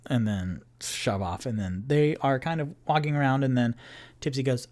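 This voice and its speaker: A man narrating a tabletop game as a solo game master on a livestream, meandering and filling pauses with "um" and "and then". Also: mid-range voice, darkish tone. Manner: meandering, filler-heavy narration.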